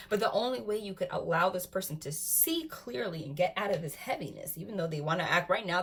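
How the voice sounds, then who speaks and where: A woman giving a casual tarot reading to camera, excitable, often saying "freaking" and "like", swinging from calm talk to loud laughing outbursts. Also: medium pitch, a little fast, creaky, few pauses. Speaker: tarot reader.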